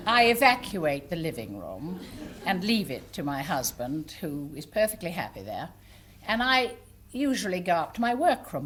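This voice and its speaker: Older woman entertainer, husky and lively, chatting to a theatre crowd. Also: fairly low pitch. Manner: chatty and amused, with small hesitations. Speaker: stage entertainer and monologue writer. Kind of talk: anecdotal stage talk. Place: live theatre before an audience.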